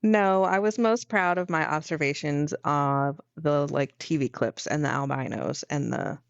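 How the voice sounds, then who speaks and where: A woman's voice: deep voice, unhurried, gravelly, dry recording. A woman guest on a film podcast, chatting casually and teasing dryly. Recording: dull lo-fi sound.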